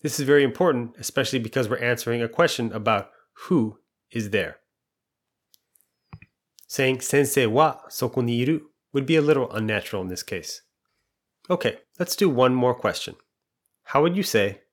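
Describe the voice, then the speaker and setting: A man's voice: mid-range voice, lively intonation, moderate pace. Patient man teaching a language lesson. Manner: patient, clear step-by-step explanations with quiz questions.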